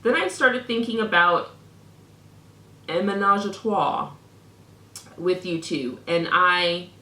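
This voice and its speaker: A woman's voice: lowish voice, slow, pushed and bright, echoey room. A young woman vlogger reading out messages with sarcastic, mock-indignant commentary.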